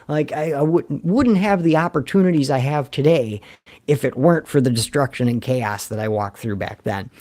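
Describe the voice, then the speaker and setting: A man's voice: mid-range voice, warm tone. A man, hosting a rambling, joking livestream and reading chat comments aloud. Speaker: livestream host.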